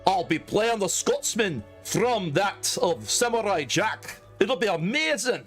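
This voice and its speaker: A man's voice: high-pitched, sing-song, slow pace, a bit bright, soft background music, exaggerated voice. A man playing a boastful Scotsman sword fighter who brags about cutting down his foes. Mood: swaggering. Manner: boisterous, swaggering bravado. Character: boastful sword-swinging Scotsman warrior, bloodthirsty and brash.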